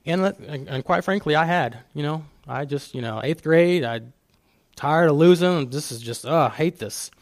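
A man's voice: on the high side, moderate pace, no echo. Man telling personal stories, dry sound. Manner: personal storytelling with many restarts. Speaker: guest speaker. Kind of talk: church talk on fatherhood.

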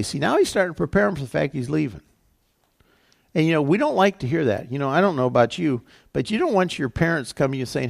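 Gravelly-voiced man preaching casually. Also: on the high side, very animated, quick pace. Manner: casual, conversational preaching with many fillers. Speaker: pastor. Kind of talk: sermon.

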